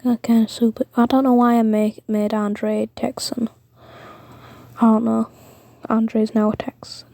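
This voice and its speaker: A woman's voice: a little high, level tone, a little slow, creaky, warm tone, no echo. A woman whispering a rambling fan-fiction story, with many fillers and self-corrections. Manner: mostly whispered.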